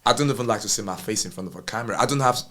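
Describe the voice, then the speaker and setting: A man's voice: on the low side, racing, fairly bright tone. A man co-hosting a podcast, talking in a rambling, self-deprecating way with many restarts. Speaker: podcast co-host. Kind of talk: casual podcast chat.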